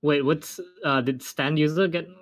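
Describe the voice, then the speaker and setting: A man's voice: a little high, fairly even intonation, normal speed, dry recording. A man from Malaysia chatting about games as a podcast co-host, throwing in joking asides. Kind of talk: casual gaming chat.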